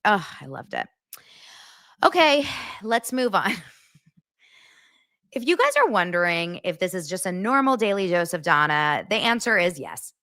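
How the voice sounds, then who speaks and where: A woman's voice: on the low side, sing-song, a little slow, long pauses, bright, forceful tone, no echo, studio quality. A woman hosting a casual gossip podcast, reading viewer comments and laughing and gushing over them.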